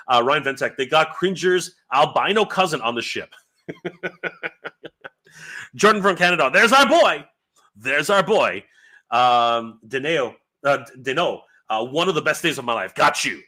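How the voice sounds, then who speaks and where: A man in his forties hosting a live reaction stream, excited and rambling, stumbling over his words as he reads out viewer comments. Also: medium pitch. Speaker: YouTube host.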